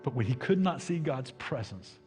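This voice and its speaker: A middle-aged man with a Southern American accent preaching a sermon as pastor, swinging between loud and hushed delivery. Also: mid-range voice, very animated, normal speed. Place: church sanctuary. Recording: long hall reverb, faint music.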